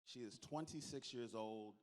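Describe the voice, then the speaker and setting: Man, mid-pitched, storytelling, joking, rallying applause, onstage closing speech. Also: moderate pace. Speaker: convention organizer giving closing speech. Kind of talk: lively onstage speech to a crowd. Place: convention hall stage.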